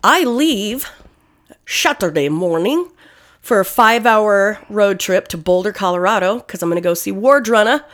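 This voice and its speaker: A woman co-hosting a casual podcast chat, animated and quick to swear. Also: mid-range voice. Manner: swears freely, animated storytelling.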